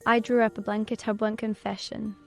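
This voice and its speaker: Female audiobook narrator, even first-person storytelling, flat and steady. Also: mid-range voice, a little fast, gravelly. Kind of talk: scripted narration. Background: soft background music.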